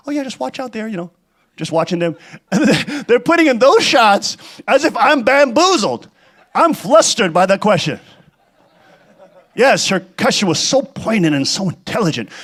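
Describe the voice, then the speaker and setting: A church leader, a man, giving rambling, sarcastic commentary and reading out viewer letters. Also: high-pitched.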